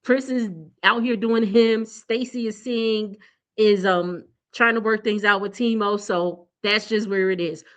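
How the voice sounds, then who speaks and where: A young woman talks through a reality show recap in a loose, chatty way. Her voice sits at an ordinary middle pitch, and she is blunt and quick to laugh as she speaks straight to her viewers. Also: fairly even intonation. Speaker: TV recap vlogger. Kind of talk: casual recap chat.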